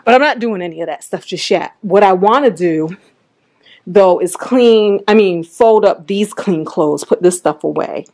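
A woman's voice: mid-range voice, moderate pace, darkish tone. Chatty woman vlogging at home. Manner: chatty, talks straight to viewers with "y'all". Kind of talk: casual home vlog talking to camera. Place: inside a home, walking between rooms.

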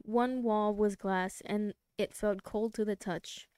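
A woman streamer reading a novel aloud live, soft-spoken, now and then stumbling and restarting a word. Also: mid-range voice, steady tone, takes it slowly, smooth, dry recording. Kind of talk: live read-aloud narration.

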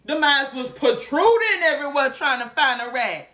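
A woman's voice: high-pitched, animated, normal speed, bright, forceful tone. A young woman from Alabama, telling a story dramatically in a casual vlog. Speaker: vlogger.

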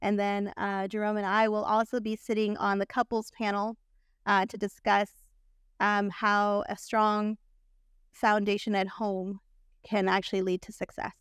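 A woman's voice: medium pitch, flat delivery, unhurried, clear, resonant tone, dry recording, clean studio sound. A woman in her forties, a guest on a podcast, telling a personal story in an earnest, chatty way. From Texas. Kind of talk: casual interview.

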